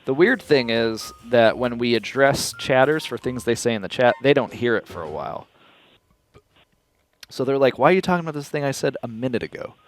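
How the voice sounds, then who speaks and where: A man hosts a stream and talks in a chatty, animated way. His pitch swings widely, and faint music plays underneath. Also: fairly quick. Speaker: streamer host. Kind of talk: casual chat.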